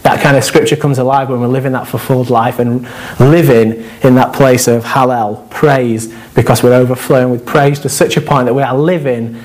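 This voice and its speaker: A man preaching a conversational sermon, animated and joking, with asides to the congregation. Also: medium pitch, normal speed, hardly any pauses, rough recording.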